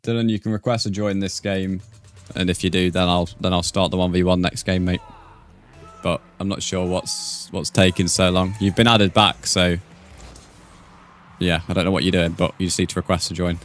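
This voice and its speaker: A man's voice: sits low, little pitch movement, normal speed, faint music behind. A man streaming a game, chatting casually with viewers and calling them "mate". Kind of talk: casual live-stream chat.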